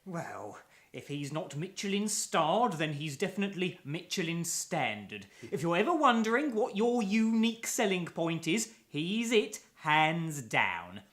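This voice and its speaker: An actor playing a measured, formal man who inspects hotels. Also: on the high side, very animated, a bit bright. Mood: appraising. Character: polished male hotel inspector, measured and complimentary.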